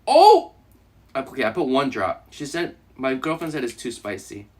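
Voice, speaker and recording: A male streamer chatting casually on a live stream while eating, joking and laughing with his viewers. His voice moves lively up and down in pitch at a middling level. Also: brisk. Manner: animated, joking, laughing often.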